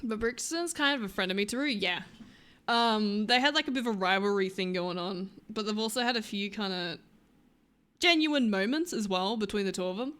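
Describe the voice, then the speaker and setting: A woman's voice: medium pitch, expressive, a little fast, fairly bright tone, clean tone. A woman streamer chatting casually on a live stream, giggly and chatty and swearing often.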